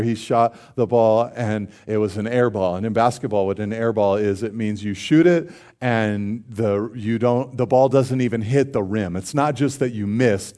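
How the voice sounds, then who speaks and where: A male pastor preaches a sermon in an earnest, conversational manner, weaving in humorous stories and acted-out dialogue before building to emphatic declarations. His voice is medium-pitched and a little mellow.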